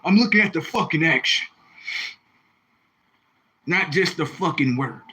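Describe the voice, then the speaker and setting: A man's voice: on the high side, lively intonation, unhurried, pushed and bright, husky, rough recording. A man hosting a livestream, talking casually and profanely, rambling and reading out viewer comments. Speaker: livestream host.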